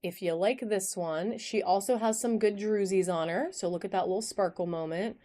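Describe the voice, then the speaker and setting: A cheerful woman with an average-pitched voice runs a live-stream sale. She chats in a bubbly way and calls out to viewers by name as she shows each piece. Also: moderate pace, warm tone. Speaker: live auction seller. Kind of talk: live-stream sales chat. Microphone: phone camera.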